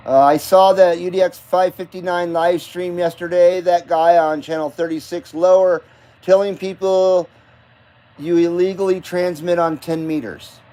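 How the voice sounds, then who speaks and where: Rambling, cussing radio hobby host, high voice. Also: male voice, steady tone, normal speed, mellow. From Nevada, US. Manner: loose, profane, chatty, greets viewers by name. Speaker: live stream host. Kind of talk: casual rambling live-stream chat.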